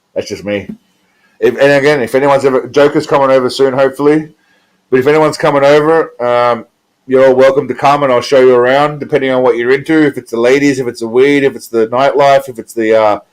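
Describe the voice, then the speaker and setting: A man's voice: medium pitch, darkish tone, rough recording. An Australian man chatting casually on his live stream, crude and profane as he reacts to viewer comments.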